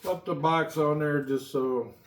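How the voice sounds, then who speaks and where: Guy slowly talking through a build in his cramped shop, offhand and breathing heavy. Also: on the high side. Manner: rambling, offhand, unpolished. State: breathing heavily. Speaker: DIY tool vlogger. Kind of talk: casual workshop narration. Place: cramped home workshop.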